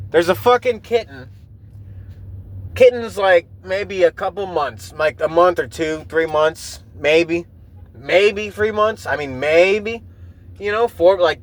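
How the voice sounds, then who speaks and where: A man's voice: high-pitched, a bit bright. A man hosting a podcast, rambling emotionally and with a lot of swearing while driving his car. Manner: profane, rambling, emotional storytelling. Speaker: podcast host. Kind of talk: rambling casual monologue.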